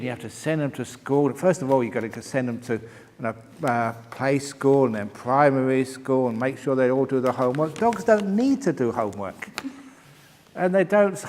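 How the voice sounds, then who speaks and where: This older Buddhist monk has a fairly high, darkish voice, and the big-room sound reflects the meditation retreat hall he is in. He answers retreat questions with jokes, laughing at his own punchlines in a humorous Q&A talk.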